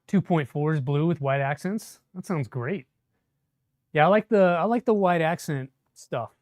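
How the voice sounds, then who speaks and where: A man's voice: a little high, normal speed, no echo, clean studio sound. A man chatting casually on a live stream while he assembles a 3D printer, answering viewer comments as he works. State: a bit shaky from caffeine.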